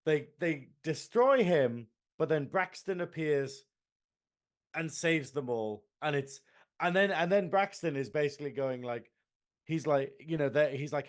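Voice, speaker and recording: A man with a Northern English accent co-hosting a casual review podcast, animated and jokey, often laughing. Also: a little high, unhurried. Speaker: podcast co-host.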